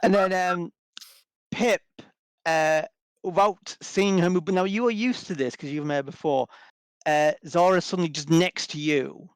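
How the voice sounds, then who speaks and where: Man game master, rambling narration, slightly high voice, dry close sound. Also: moderate pace, clear, resonant tone, dry recording. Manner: rambling with many fillers.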